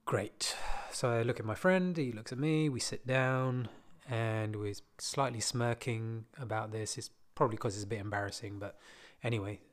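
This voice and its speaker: Guy telling a story on his podcast, laid back and chatty, middle pitch, bit of wry humour. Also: normal speed, hardly any pauses. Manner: relaxed, conversational, self-deprecating asides. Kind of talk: casual storytelling monologue.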